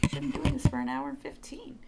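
A woman co-hosting a podcast, chatting casually with quick reactions and prompts to move things along. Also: high-pitched, fairly even intonation, creaky, heavy background noise. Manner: short reactive interjections and wrap-up prompts. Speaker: podcast co-host. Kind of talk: casual chat.

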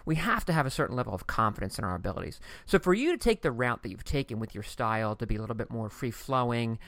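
Quick-talking male host, effusive, long rambling questions, dry close sound. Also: mid-range voice, expressive, a bit bright, no room sound. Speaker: podcast host, interviewer. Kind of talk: casual interview chat.

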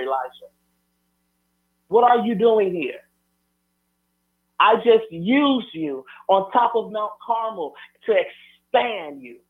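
A man preaching a sermon, driving his points home with repeated, building refrains. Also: high-pitched. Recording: tinny phone-like broadcast sound.

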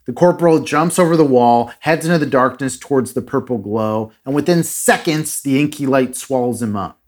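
A man hosting a podcast, casually retelling a strange story with dramatic pauses and a few fillers. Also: medium pitch. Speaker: podcast host.

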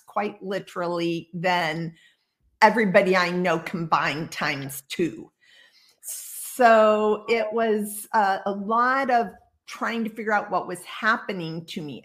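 A woman in her sixties from Iowa, a guest on a video call, telling her story in a lively, casual way and acting out the people she quotes. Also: medium pitch. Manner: lively storyteller who acts out quoted dialogue. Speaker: guest psychic medium.

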